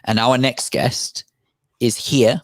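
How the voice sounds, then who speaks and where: A man's voice: medium pitch, fairly even intonation, takes it slowly, no room sound. A man co-hosting a radio talk show, introducing guests earnestly and politely. His voice sits in an ordinary middle range. The studio sound is dry and close. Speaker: radio co-host. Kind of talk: casual radio chat.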